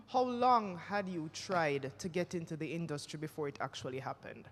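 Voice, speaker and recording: A moderator at a symposium asking long, measured questions. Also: mid-range voice. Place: symposium hall. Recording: reverberant hall with faint noise.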